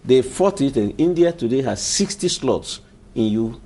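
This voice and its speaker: A Nigerian man with a relaxed, dark-toned voice talks as a guest on a TV interview. He explains aviation matters at length, emphatic and repetitive in his phrasing. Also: mid-range voice, moderate pace, breathy edge. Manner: emphatic, explanatory, repeats himself. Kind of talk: studio interview answers.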